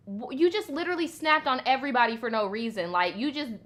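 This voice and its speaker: A woman hosts a casual storytime show, reacting to a story with animated, profane comments. Her voice sits fairly high and sounds bright and forceful. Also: fast. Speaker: storytime channel host.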